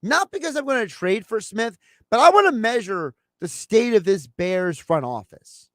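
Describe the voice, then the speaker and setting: A high-pitched male sports host talking in a loose, conversational way. He slips into little acted-out phone calls as he makes his points. The sound is close and dry, with almost no room around it. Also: moderate pace, no room sound. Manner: animated, acts out imagined phone calls. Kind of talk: casual sports talk.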